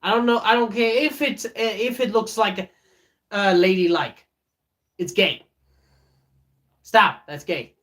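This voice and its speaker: This is a man chatting on his live stream, talking at a slow, easy pace. He teases and roasts his viewers as he reads their messages, often stalling on fillers and starting over mid-sentence. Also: sits high, fairly bright tone. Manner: joking, teasing, reads chat aloud; many fillers and restarts. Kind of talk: casual live-stream chat.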